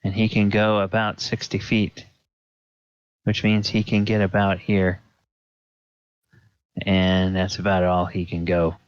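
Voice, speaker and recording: Low-voiced man running a tabletop game slowly, on a dull lo-fi recording. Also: completely flat delivery, smooth. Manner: unhurried, hesitant, many fillers. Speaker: dungeon master. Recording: dull lo-fi audio.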